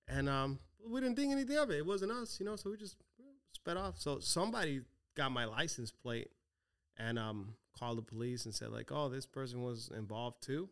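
A man's voice: mid-range voice, animated, fairly quick. A male podcast host in casual chat, playful and teasing, full of slang and Spanish asides.

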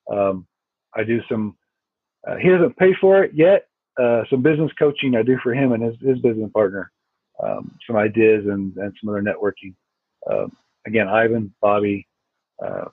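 A man's voice: lowish voice, no room sound. A man talking as a podcast guest, a rambling, profane storyteller with lots of fillers, heard over a remote call. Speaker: podcast guest, firearms instructor. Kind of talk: casual chat. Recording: tinny phone-like line, husky.

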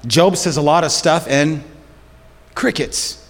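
A man's voice: fairly high pitch, slow pace. A man preaching a sermon as pastor, storytelling in casual slang and with animation. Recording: long hall reverb.

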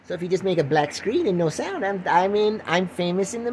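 A man's voice: sits high, expressive, brisk, hardly any pauses, darkish tone, slight background noise. An older man hosting a rambling solo podcast, mocking himself while lying at home with the window open. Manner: rambling, self-mocking, breaks into mock voices. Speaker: podcast host.

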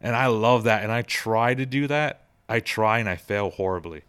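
Low smooth-voiced guy, agreeing and musing on faith. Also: moderate pace, fairly bright tone. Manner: affirming, reflective. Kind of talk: casual religious discussion.

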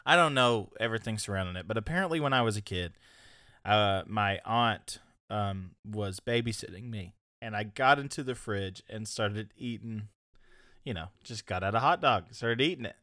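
A man's voice: lowish voice, moderate pace, pushed and bright, dry recording, studio quality. A young man co-hosting a podcast in casual chat, rambling through stories and laughing often. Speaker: podcast co-host.

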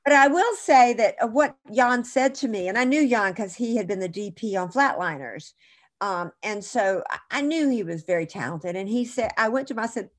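A middle-aged woman guest in an interview, telling chatty, animated anecdotes with frequent restarts. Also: a little high, normal speed. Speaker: actress guest. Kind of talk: casual interview storytelling.

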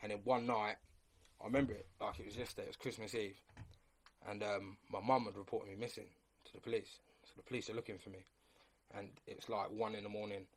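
A man's voice: lowish voice, flat delivery, fast talker. A young man telling a personal story in casual conversation, rambling and repeating himself, often calling the listener mate. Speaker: guest.

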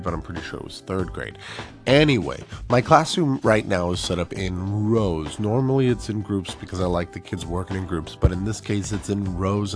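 A middle-aged man, a teacher, spins a funny story from his classroom in a lively, self-mocking voice that sits a little low. He slips into the voices of the people he quotes, with faint music behind him.

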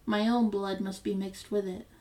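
A woman's voice: medium pitch, level tone, moderate pace, mellow, far from the mic, natural voice, poor audio. A woman voicing a scheming old sea witch in a storybook reading, blunt and warning.

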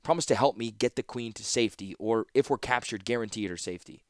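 A man's voice: medium pitch, fast, dry recording, studio quality, lightly acted. A man voicing a stern, anxious male scholar in an audiobook, speaking in terse, urgent lines. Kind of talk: audiobook character voice.

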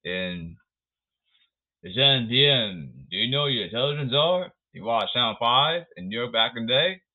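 A man's voice: medium pitch, lively intonation, moderate pace. A man giving a sarcastic, ranting talk about baseball, emphatic and blunt. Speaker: baseball commentator. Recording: tinny phone-like audio.

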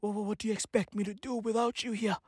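A woman's voice: medium pitch, little pitch movement, darkish tone, breathy edge, no room sound, natural voice. A woman playing a desperate superhero guy begging his lover to stay, whiny, dry close sound. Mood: pleading. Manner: whiny, pleading, rapid questions. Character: clingy pleading male superhero, desperate lover.

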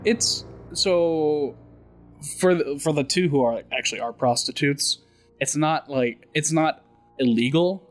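A man narrating as game master of a tabletop role-play, relaxed and full of fillers. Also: fairly high pitch, measured pace, soft background music. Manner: relaxed, with many fillers and restarts.

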